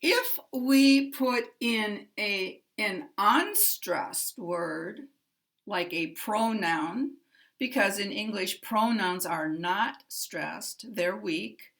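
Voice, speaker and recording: An American woman teaches pronunciation at a very unhurried pace, drawing out her key words and modeling each example sentence. Her voice has a gravelly, creaky edge, and her pitch sits in a middle range. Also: expressive, fairly bright tone. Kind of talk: slow, deliberate teaching with spoken examples.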